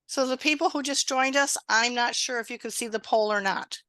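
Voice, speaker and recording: This middle-aged woman hosts an online exam-prep session with a bright, ringing voice. She sounds close and dry on a video call, chatting and encouraging her listeners. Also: on the high side, a little fast, no room sound. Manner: warm, encouraging, conversational. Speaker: webinar host and exam prep instructor. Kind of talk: live online webinar.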